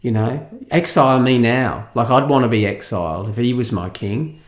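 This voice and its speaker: A man's voice: mid-range voice, normal speed. An Australian man giving an opinionated film review, talking in an incredulous, ranting way with scoffing laughs. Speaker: movie reviewer.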